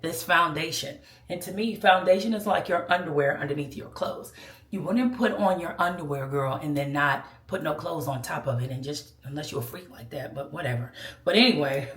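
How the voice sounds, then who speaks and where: A woman's voice: low voice, fairly bright tone. A woman giving a casual makeup tutorial, chatty and sassy, calling viewers girl and child. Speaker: beauty vlogger. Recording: echoey room.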